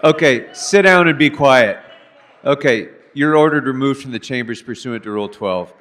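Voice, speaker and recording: A man's voice: mid-range voice, moderate pace, a bit bright. A man chairing a city council meeting from the dais, curt and firm, handing out dry rebukes. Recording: reverberant council chamber.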